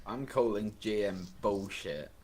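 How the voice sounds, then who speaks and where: A man's voice: lowish voice, a little slow, darkish tone, a little hiss or hum. A man playing a tabletop game, bantering brashly and swearing in casual chat. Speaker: player.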